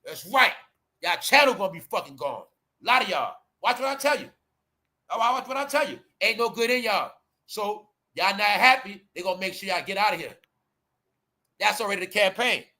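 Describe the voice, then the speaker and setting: A man hosting his own channel, delivering a confrontational, profane commentary rant straight at his viewers, mocking and repeating himself, pushing his voice toward a shout at times. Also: high-pitched, expressive, normal speed. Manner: raises voice to near shouting at times. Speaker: channel host.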